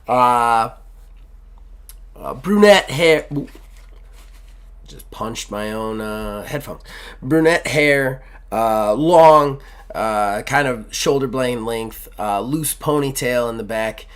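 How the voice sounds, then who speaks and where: A man at a mid pitch talks through his turn in a journaling role-playing game. His descriptions ramble, packed with fillers and restarts. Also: slow, a bit bright, clear, resonant tone. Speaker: player. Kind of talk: actual play of a journaling tabletop game.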